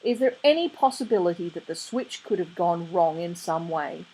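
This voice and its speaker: A woman voicing a sardonic, touchy male demon who talks in a snappish, exasperated way, with a breathy voice. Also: lowish voice, expressive, normal speed, mellow, low-quality recording.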